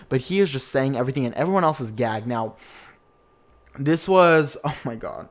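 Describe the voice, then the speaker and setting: A man's voice: medium pitch, expressive, normal speed. A young man hosting a casual podcast, chatty and campy, who slips into put-on voices to quote people. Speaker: podcast host.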